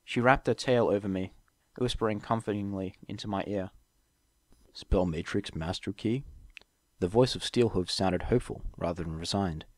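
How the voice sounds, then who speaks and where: A man reading a story aloud as an audiobook narrator, in a measured storytelling manner. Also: fairly low pitch, no room sound. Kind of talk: scripted narration.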